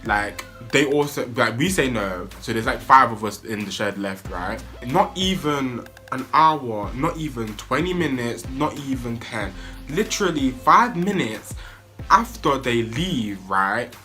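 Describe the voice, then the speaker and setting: Young man, lively storyteller with a bright voice and big swings in pitch. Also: a little slow, soft background music. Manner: animated, excitable storytelling with sudden high-pitched yelps. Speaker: vlogger. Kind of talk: storytime vlog.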